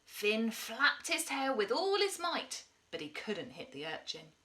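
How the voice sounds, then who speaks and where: Woman teacher reading aloud to kids, bright and lively, highish voice. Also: measured pace. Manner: expressive, animated reading. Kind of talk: storybook read-aloud.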